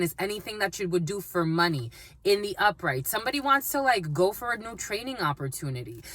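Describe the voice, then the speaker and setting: A woman's voice: medium pitch, sharp tone, no room sound. Blunt, emphatic woman reading tarot. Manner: blunt and emphatic, swears freely, repeats phrases. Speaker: tarot reader. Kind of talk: channeled tarot reading to camera.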